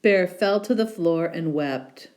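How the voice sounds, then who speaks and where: A woman reading a children's picture book aloud in an expressive, unhurried storytelling manner. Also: on the low side. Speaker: storybook reader.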